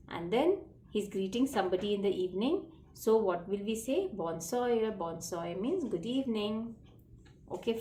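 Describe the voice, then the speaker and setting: Woman teacher going over french words with kids, slow and repetitive, spells stuff out, echoey room w/ faint hiss. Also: mid-range voice, mellow. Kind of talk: children's French lesson.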